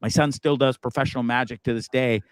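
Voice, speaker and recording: A man's voice: mid-range voice, quick pace, smooth, dry recording. Profane, rambling middle-aged man host. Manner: profane, rambling, animated storyteller. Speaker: podcast host. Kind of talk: casual chat.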